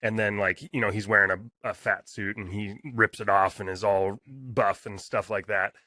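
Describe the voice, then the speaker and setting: A man's voice: fairly low pitch, steady tone, normal speed, bright, forceful tone, dry recording, studio quality. A man co-hosting a casual podcast, chiming in with teasing one-liners. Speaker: podcast co-host. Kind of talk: casual chat.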